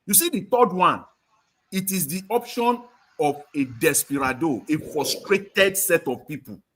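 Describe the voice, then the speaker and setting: A man's voice: fairly high pitch, lively intonation, measured pace, a bit bright. A man firmly correcting another speaker in a live-stream debate, with some stammering. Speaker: discussion participant.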